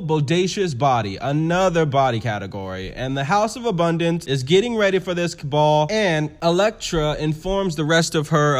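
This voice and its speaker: A man with a fairly high voice gossiping through a TV episode recap. He is sassy and profane, full of ums and side comments. He talks like he is chatting with friends. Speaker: TV recap host. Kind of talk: casual show recap.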